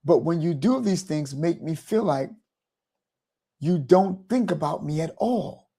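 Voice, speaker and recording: A man voicing an upset wife who feels forgotten, raising his voice higher for her. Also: animated, a little slow, creaky, mellow, husky, heavily acted. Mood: hurt. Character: upset wife, quietly hurt and accusing.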